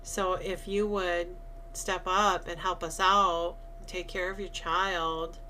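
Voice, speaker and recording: A woman's voice: on the low side, little pitch movement, slow, bright, forceful tone, a little hiss or hum. A woman co-hosting a podcast in casual chat, retelling scenes and acting out the lines. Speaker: podcast co-host.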